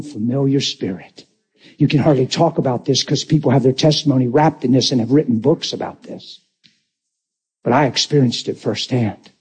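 A middle-aged man preaching a sermon, emphatic and repetitive, at times leaping into excited, high exclamations. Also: slightly rough.

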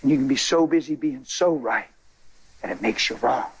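A man giving an emotional spoken testimony to a church, impassioned and emphatic, his voice swinging from high cries to low murmurs. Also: normal speed, slightly rough, rough recording.

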